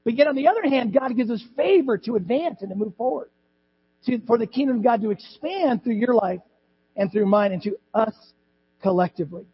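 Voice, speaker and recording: A man's voice: very high voice, lively intonation, a little fast, slightly rough. A man preaching a conversational sermon as pastor in a church, repeating words and adding asides to the congregation. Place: church sanctuary. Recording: dull lo-fi with mains hum.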